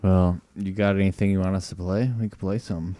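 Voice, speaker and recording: Male podcast host, low voice, joking and profane, dry close mic. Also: flat delivery, fast, mellow, no room sound. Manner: loose and joking, swears freely. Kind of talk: casual chat.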